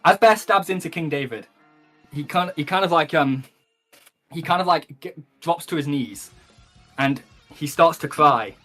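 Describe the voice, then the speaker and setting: A man's voice: on the high side, a little slow, long pauses, fairly bright tone, soft background music. A man narrating a tabletop game as game master, rambling along with many ums and likes and the odd swear word.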